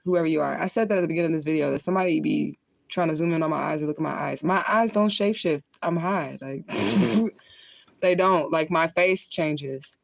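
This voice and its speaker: Gravelly and low, this woman's voice comes through a dry recording of casual livestream chat. A spiritual reader, she rambles, cusses, and laughs often, talking while she lights up and smokes.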